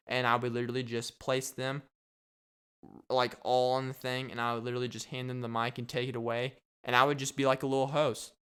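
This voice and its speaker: A man's voice: medium pitch, fairly bright tone, smooth. A man hosting a solo comedic podcast, rambling and joking, repeating himself as he riffs. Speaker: podcast host.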